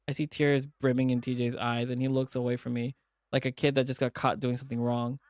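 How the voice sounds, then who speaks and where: A man's voice: mid-range voice, fairly quick, no room sound, clean studio sound. A man streaming as he reads a visual novel aloud and voices its characters in a dramatic way. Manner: dramatic reading, animated asides.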